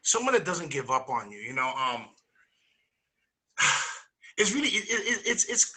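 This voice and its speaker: An energetic, earnest man sharing a personal testimony as a guest, sometimes repeating words as he gathers himself. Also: a little high, measured pace.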